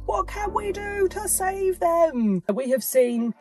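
A woman's voice: very high-pitched, expressive, takes it slowly, darkish tone, soft background music. A woman vlogging about vanlife, earnest and questioning as she talks through a problem. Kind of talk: casual chat to camera.

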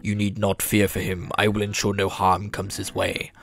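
A sinister spirit from a fantasy game, possessing a body and speaking slowly, with calm and cold menace, as a man puts it on. The voice stays measured and lower than the man's usual talk, with faint music behind. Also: gravelly. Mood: menacing.

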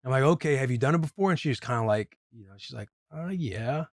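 A man's voice: mid-range voice, animated, no echo, studio quality. Easygoing man co-hosting a podcast. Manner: easygoing storyteller, quick agreeing interjections. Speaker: podcast co-host. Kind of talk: casual chat.

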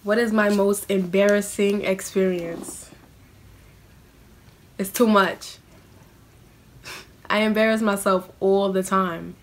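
A woman's voice: medium pitch, a little hiss or hum. A young woman, chatting in a casual question-and-answer vlog. She is self-mocking and scatters "like" through her talk. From New York City. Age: young adult. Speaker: vlogger.

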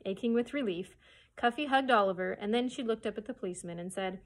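A woman librarian reads a children's chapter book aloud at story time. Her delivery is expressive, with a middle-range pitch. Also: fast.

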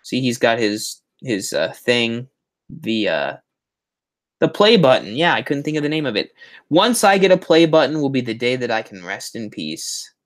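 A man chatting his way through a casual live stream as its host. He rambles and keeps up a running stream of self-mocking asides, in an ordinary voice that is neither high nor low. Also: big pitch swings, moderate pace. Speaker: host of a Halloween prop channel live stream.

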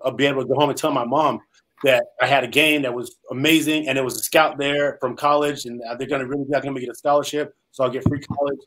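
A man's voice: medium pitch, fairly bright tone, low-quality recording. A man from California, a former pro football player, telling his story as an interview guest, earnest and rambling with many "um"s. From Salinas, California, US.

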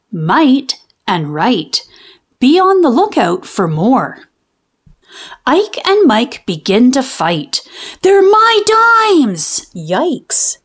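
A woman reading a children's book aloud and explaining phonics in a clear, teacherly way. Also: medium pitch. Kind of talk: read-aloud storytime with phonics lessons.

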